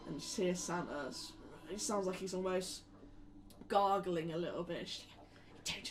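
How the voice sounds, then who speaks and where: A woman narrating a tabletop role-playing game as game master, describing scenes in a relaxed way with plenty of fillers. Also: fairly low pitch, unhurried, a little hiss or hum, rough recording.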